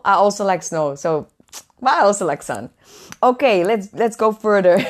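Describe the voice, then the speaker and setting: Woman preacher, live stream host, bubbly, greets viewers, mid pitch. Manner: warm, excitable, greets viewers by name with high squeals. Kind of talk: lively live-stream Bible teaching. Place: away from home, indoors.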